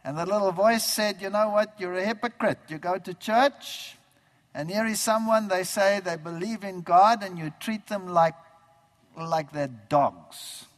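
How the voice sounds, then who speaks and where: A man telling his conversion story as a sermon, animated and acting out the dialogue he remembers. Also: high-pitched, normal speed. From Germany. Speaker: preacher giving his testimony. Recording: long reverb of a large hall.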